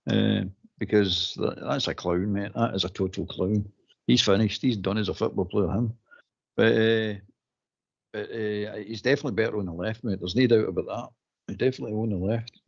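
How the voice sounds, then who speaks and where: A man's voice: lowish voice, steady tone, moderate pace, gravelly, breathy edge, highs cut off. A man with a Scottish accent giving blunt football opinions in casual chat, calling everyone mate. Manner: blunt, says mate a lot, fiery opinions.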